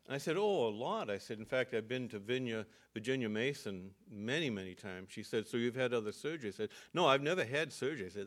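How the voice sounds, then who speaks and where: An older man, a pastor, telling a personal story in an earnest sermon with halting restarts. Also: medium pitch.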